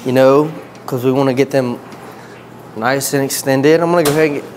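Young man, gym vlogger, playful slangy banter, mid-pitched, loud background noise. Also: steady tone, brisk. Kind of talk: joking gym vlog chat. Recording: noisy gym recording. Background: gym noise, clicks.

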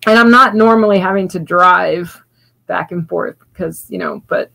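A woman from Louisiana, a spoken-word poet, rambling warmly through a casual livestream sign-off with frequent restarts and laughter. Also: on the low side, a little slow, vocal fry, rough recording. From Louisiana, US South.

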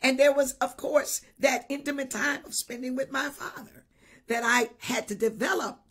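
Preaching over a livestream at a moderate pace, a woman bishop speaks in a very husky, breathy, slightly high voice with a fairly bright tone. She hammers her points through repetition, adds hallelujahs and names viewers directly.

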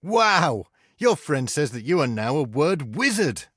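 A man's voice: a little high, very animated, measured pace, a bit bright, slightly rough, dry recording. A man narrating a children's educational game in a cheerful, encouraging way, speaking to the child. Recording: noisy game audio.

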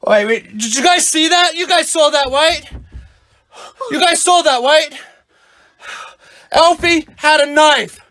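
A man, a family channel dad, shouting in panic and short of breath during a staged comedy skit at home, filmed on a handheld phone. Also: extremely high pitch, slow pace, pauses often. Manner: breathless, exclamatory. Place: home, indoors. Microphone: handheld phone camera.

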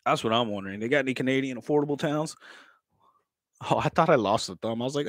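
A man's voice: mid-range voice, animated, quick pace, pauses often, a bit bright, no room sound. A man, chatting casually on a livestream, joking, laughing often and swearing freely. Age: 30s. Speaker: livestream vlogger.

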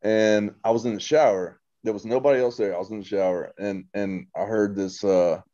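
A man's voice: on the low side, fairly even intonation, moderate pace, mellow, muffled recording. A man casually telling a long ghost story to his brother, full of restarts, swearing and quoted dialogue. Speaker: podcast guest, host's brother.

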